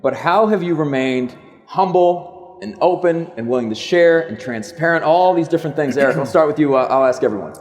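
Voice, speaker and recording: A man's voice: fairly high pitch, lively intonation, fairly quick. A man hosting a live panel discussion, asking questions in a curious and encouraging way. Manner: curious, encouraging, asks follow-ups. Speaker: podcast host, moderator.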